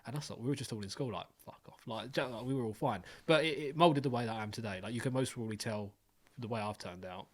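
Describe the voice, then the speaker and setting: A man's voice: medium pitch, fast talker. A young man hosting a podcast, telling stories animatedly and swearing freely. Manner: animated storytelling, swears freely, acts out voices. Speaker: podcast host. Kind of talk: casual chat.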